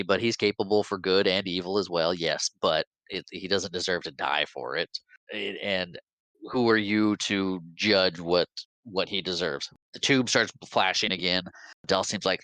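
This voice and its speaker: A man casually recapping a movie scene by scene, quoting the characters in quick, animated bits and laughing along. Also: low voice, clean tone, dry recording, rough recording. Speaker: podcast host.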